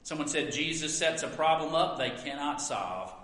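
A man preaching a sermon, swinging between loud emphatic lines and hushed asides. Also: on the high side, lively intonation, normal speed, echoey room, long reverb tail. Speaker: pastor.

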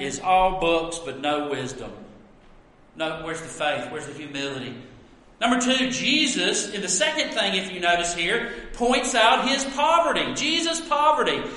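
A man delivers a sermon with earnest emphasis and pointed rhetorical questions. His voice sits high and bright. It rings through a roomy church with a long, lingering reverb. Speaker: preacher. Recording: echoey hall with long reverb.

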